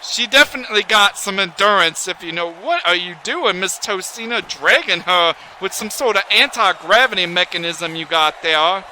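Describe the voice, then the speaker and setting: Guy calling a wrestling game, high bright voice, gets real worked up and rambles. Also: normal speed, hardly any pauses, a little hiss or hum, poor audio. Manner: excitable, folksy, rambling. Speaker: commentator. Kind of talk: play-by-play commentary on a wrestling video game.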